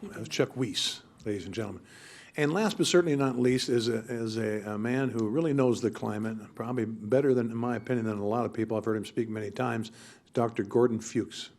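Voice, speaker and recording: A man's voice: medium pitch, brisk, a little mellow. A man chairing a county board meeting, introducing speakers in a jovial, informal way. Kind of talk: meeting moderation.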